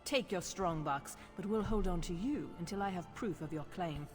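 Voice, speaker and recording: A woman's voice: on the low side, normal speed, soft background music, close to an everyday voice. An actress playing a stern, no-nonsense female governor in a video game, authoritative and curt.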